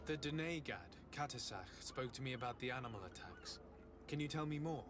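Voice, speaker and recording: An actor playing a courteous, composed noble envoy in a role-playing game. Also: male voice, mid-range voice, animated, brisk, music in the background, natural voice.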